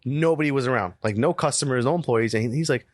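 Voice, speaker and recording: Brief: middle-aged male podcast co-host, rambling anecdotes, mid pitch, dead-dry mic. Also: fast, dry recording. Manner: rambling storyteller, swears freely. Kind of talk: casual chat.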